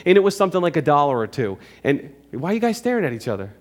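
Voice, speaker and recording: A man's voice: fairly high pitch, very animated, very fast. A male pastor preaching a sermon to his congregation in church, emphatic and conversational, often checking in with his listeners.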